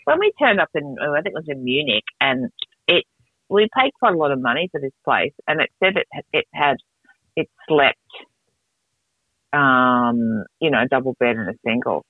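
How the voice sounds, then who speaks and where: Animated woman on a tinny line. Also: moderate pace, no room sound. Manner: animated, laughing, jumps between pitches. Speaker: podcast co-host. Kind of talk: casual chat, storytelling. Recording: tinny phone-like dry sound.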